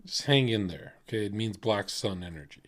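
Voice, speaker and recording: A man streaming casually, reacting to videos with profane jokes and sudden shouted bits. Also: lowish voice, a little fast, loud music behind the voice. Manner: profane, jokey, jumps to loud shouting bits.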